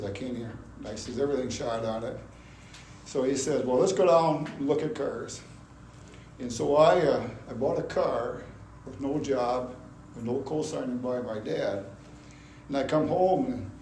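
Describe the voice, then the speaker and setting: A man's voice: medium pitch, mellow. A man from Iowa giving a personal testimony in a church hall, telling his story in a folksy way and acting out the voices of people he quotes. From Iowa, USA. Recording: roomy hall with faint hum.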